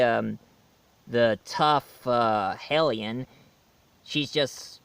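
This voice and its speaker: Give me a chatty American man reviewing games, with a smooth, clear voice and a middling pitch. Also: fairly bright tone, dry recording. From United States. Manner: rambling and chatty, laughs at his own jokes. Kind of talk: casual video review.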